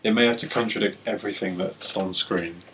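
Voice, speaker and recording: A man's voice: deep voice, fairly even intonation, brisk, pushed and bright, slight background noise, low-quality recording. A man co-hosting a casual film commentary podcast, laid-back with dry asides. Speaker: podcast co-host.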